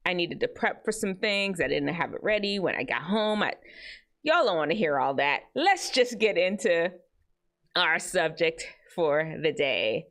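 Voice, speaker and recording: A woman hosting a teen advice show, chatting to young viewers in a casual, animated way. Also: measured pace. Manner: animated, chatty, jumps between high and low tones. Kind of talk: casual advice talk to teens.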